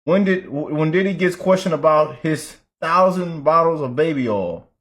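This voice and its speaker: A man hosting a casual reaction video, chatty and animated. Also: on the high side, moderate pace. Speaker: reaction host.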